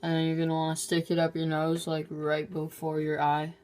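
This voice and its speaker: A woman casually demonstrating something on camera, talking in a slow, low-key way, her eyes watering. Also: completely flat delivery, darkish tone. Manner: slow, low-key instructions that break into giggles. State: teary-eyed. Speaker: vlogger.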